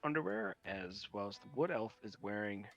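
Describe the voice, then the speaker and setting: A man narrating a tabletop game as game master, with brisk, descriptive narration. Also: fairly low pitch, animated, gravelly, lo-fi sound, faint music behind.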